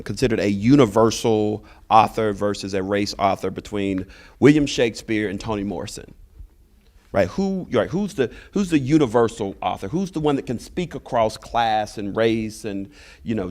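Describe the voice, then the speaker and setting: A man, a professor, speaking on a panel and lecturing, who keeps checking in with listeners by asking "right?". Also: fairly low pitch. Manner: rhetorical, tags points with "right?"; acts out quoted people in raised voices. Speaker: history and literature professor.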